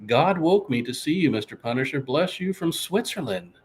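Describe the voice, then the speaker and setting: A podcast host with a fairly high, lively-sounding voice runs a casual live stream at a normal pace, reading viewer comments aloud and answering them while bragging about himself in the third person. There's a faint hiss or hum in the recording.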